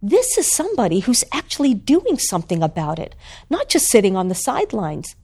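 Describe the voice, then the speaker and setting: A woman's voice: medium pitch, huge pitch swings, fairly quick, mellow, breathy edge, exaggerated voice. Woman reading an earnest man speaking from the heart.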